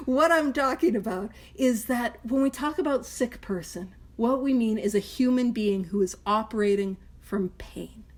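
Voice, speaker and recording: Animated woman leading a study group. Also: a little high. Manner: animated, laughs at herself, speaks prayers slowly and softly. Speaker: Big Book study leader. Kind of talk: group recovery study talk.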